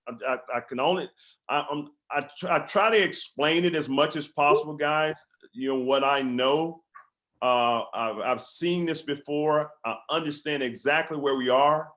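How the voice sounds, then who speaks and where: A man's voice: a little high, fairly bright tone. A man, a company field leader, giving a fervent motivational speech on a video call, repeating his exhortations and stumbling into restarts.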